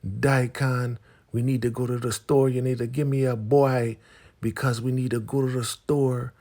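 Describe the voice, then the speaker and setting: A man's voice: mid-range voice, flat delivery, normal speed, a little mellow, pitched above the performer's own voice, close to an everyday voice. A man voicing a bossy, nagging older woman elder from a drama he is recapping. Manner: pushy, demanding.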